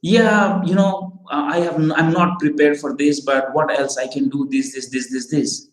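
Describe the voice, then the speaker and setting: Male trainer doing an anxious laid-off candidate, halting, slightly raised pitch, echoey room. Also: fairly even intonation, close to an everyday voice. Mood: hesitant. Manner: hesitant, halting. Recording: roomy echo.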